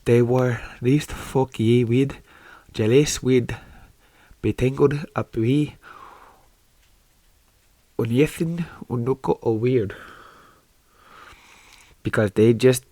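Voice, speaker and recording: A man's voice: mid-range voice, dark tone, no room sound. A man putting on a clumsy mock-Scottish storybook voice. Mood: stumbling. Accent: attempted Scottish. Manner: stumbling, halting reading aloud. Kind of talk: reading a book aloud in a put-on accent.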